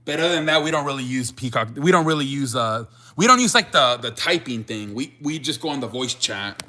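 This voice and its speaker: Bright young man chatting on a live stream. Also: mid-range voice, expressive, brisk. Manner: rambling, restarts, reads chat aloud. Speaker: sports show host. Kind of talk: casual live-stream chat with viewers.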